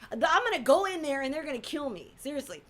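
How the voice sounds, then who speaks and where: A bright, forceful voice of a middle-aged woman, co-hosting a casual live stream. She tells a personal story with lots of energy and acts out other people's lines as she goes. Her voice sits a little high for a woman. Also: fast. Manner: animated storytelling, acts out quotes. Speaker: co-host.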